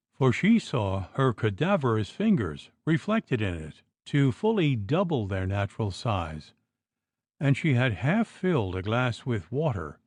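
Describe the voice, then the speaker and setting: A man narrating an audiobook in expressive, unhurried storytelling. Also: medium pitch, no room sound. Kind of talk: scripted narration.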